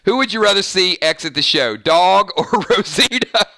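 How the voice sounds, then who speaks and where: A male channel host chatting on a live stream, reading viewer comments, excitable and laughing often, talking straight to his viewers. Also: high voice, moderate pace, creaky, no echo, clean studio sound.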